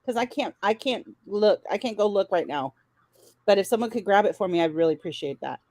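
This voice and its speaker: A woman's voice: mid-range voice, lively intonation, a little fast, a little mellow, no echo. A middle-aged woman co-hosting a casual chat who laughs often and chimes in with reactions. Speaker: co-host.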